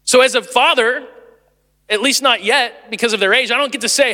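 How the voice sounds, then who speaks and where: A man in his late thirties, the lead pastor, preaching a sermon in a chatty, animated way and laughing easily. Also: high-pitched, brisk, in a large hall. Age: 30s.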